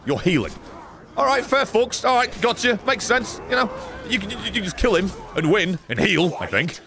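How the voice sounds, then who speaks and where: Streamer guy swearing at his game, kinda gravelly voice, bouncy pitch. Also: normal speed, a little hiss or hum. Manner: excitable, profane, chatty. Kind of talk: live gameplay commentary.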